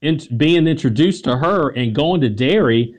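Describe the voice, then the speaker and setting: A man with a Southern American accent, an author and history teacher, telling a story in a radio interview, animated and laughing often. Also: fairly high pitch, normal speed.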